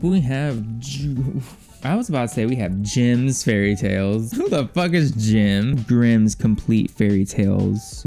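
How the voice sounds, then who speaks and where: A young man chatting casually in a vlog, swearing freely, with quick asides and acted-out quotes. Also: lowish voice, mellow. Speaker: vlogger. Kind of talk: casual shelf-tour vlog.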